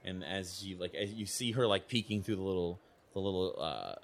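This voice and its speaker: Man, game master, low voice, animated, rambling with fillers. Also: brisk, a little hiss or hum. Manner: rambling, filler-heavy descriptions. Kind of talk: narrating a tabletop game.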